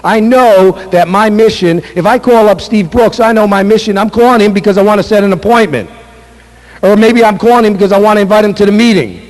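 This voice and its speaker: High-voiced man teaching sales in a reverberant hall. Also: a little fast, darkish tone. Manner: emphatic, repetitive, acts out sample sales calls. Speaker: sales trainer. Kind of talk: motivational sales seminar talk. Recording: echoey hall with long reverb.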